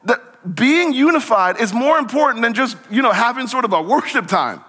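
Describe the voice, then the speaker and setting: Male pastor, high bright voice, lively conversational sermon delivery, long church-hall reverb. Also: normal speed. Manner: animated, conversational preaching with acted-out dialogue. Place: church sanctuary.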